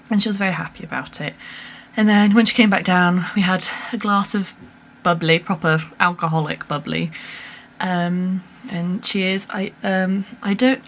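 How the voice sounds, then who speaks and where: A woman's voice: on the low side, a little hiss or hum. Chatty young woman telling a story. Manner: chatty, animated storytelling with laughs and fillers. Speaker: vlogger. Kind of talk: casual chat to camera. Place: home room with a lamp.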